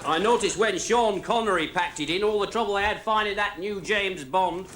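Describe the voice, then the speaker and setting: An actor playing a put-upon young shop assistant, wry and self-pitying. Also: male voice, high-pitched, normal speed, fairly bright tone, a little hiss or hum.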